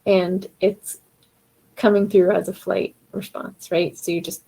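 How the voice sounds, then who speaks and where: Husky gravelly woman chatting thru a live singing coaching session, mellow tone. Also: medium pitch, flat delivery, unhurried, rough recording. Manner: conversational, encouraging, acts out inner voices. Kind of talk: live-streamed coaching talk.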